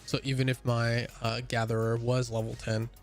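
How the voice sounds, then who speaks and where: A young man with a gravelly voice talks casually to his viewers while playing a game. He rambles with plenty of fillers and restarts, and sounds a little tired. Faint game music hums behind him. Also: mid-range voice, monotone, normal speed. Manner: yawning, a bit tired. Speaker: gaming streamer.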